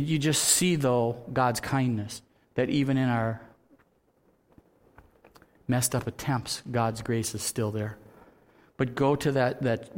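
A man preaching a sermon as pastor, who acts out quoted voices in an animated way and drops to a soft voice for his earnest points. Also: medium pitch.

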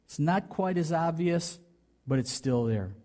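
Man preaching an animated sermon. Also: unhurried. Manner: animated preaching, acts out quotes with rising pitch. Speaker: pastor.

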